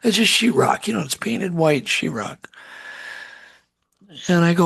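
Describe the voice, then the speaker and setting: A middle-aged man telling a strange story as a podcast guest, animated and acting out what people said. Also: on the high side, measured pace, gravelly, slightly rough. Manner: animated storyteller, acts out quotes.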